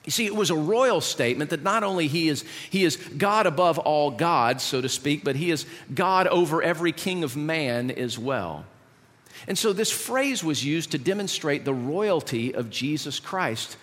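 A male pastor delivers a sermon in a slightly higher voice, conversational and full of rhetorical questions. His voice rings out with the long reverb of a church hall. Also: animated, normal speed, fairly bright tone.

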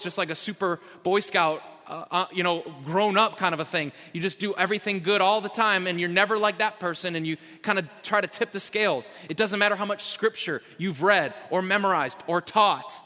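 Male pastor, sermon delivery, bright high voice, emphatic repetition, church hall reverb. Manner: emphatic, repeats key phrases slowly. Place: church sanctuary.

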